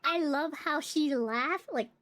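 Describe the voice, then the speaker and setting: A woman streamer chatting casually, giggling often and excitable, played back from a clip. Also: extremely high pitch, a little slow, heavy background noise.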